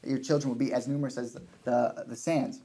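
A man's voice: medium pitch, fairly even intonation, brisk, dark tone. A man preaching a sermon, earnest, often restarting and repeating his points for emphasis.

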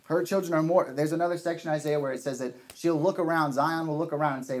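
A man's voice: a little high, steady tone, fast talker, hardly any pauses. A man preaching a sermon, earnest, often restarting and repeating his points for emphasis.

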